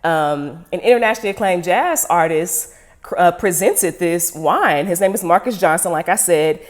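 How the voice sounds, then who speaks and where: Woman, slightly low pitch, chatty, playful, casual tasting talk. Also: animated, moderate pace. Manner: chatty, playful, self-teasing. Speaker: wine vlogger. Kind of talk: casual unboxing and tasting chat.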